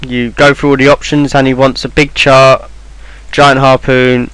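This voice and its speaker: Offhand rambling man with a smooth voice. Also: medium pitch, little pitch movement, a little slow, a bit bright, dry recording, rough recording. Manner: rambling, offhand, lots of fillers and restarts. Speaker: game guide maker. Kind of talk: casual game walkthrough voice-over.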